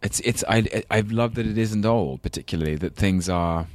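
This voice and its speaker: A man's voice: fairly low pitch, moderate pace, darkish tone, dry recording. A man with a London English accent, chatting as an interview guest, thoughtful and rambling, with self-deprecating laughs. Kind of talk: casual interview chat.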